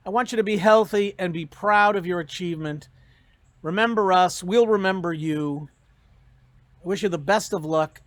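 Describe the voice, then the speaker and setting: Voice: medium pitch, moderate pace, dry recording. A professor giving a commencement speech, telling jokes and giving advice in a storytelling manner.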